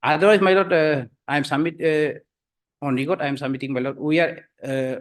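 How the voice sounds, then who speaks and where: A male advocate argues his case in a courtroom, stumbling through fillers and restarts. His voice sits slightly high, and he keeps returning to a deferential "my lord.". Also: steady tone, normal speed. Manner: hesitant, full of fillers, repeats "my lord" constantly. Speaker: advocate for the government. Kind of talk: courtroom argument.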